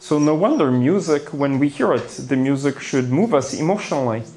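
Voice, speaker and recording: Fairly high in pitch yet darkish in tone, this man's animated voice moves fairly quickly. He's a neuroscience lecturer giving a conference talk on the brain before a hall audience, theatrical and playful with gasps, asides and jokes.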